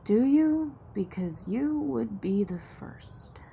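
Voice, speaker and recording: A woman playing a blunt, distrustful young woman from a poor neighborhood in an audio drama, sharp-tongued and sarcastic. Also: a little high, lively intonation, slow, creaky, slight background noise, exaggerated voice.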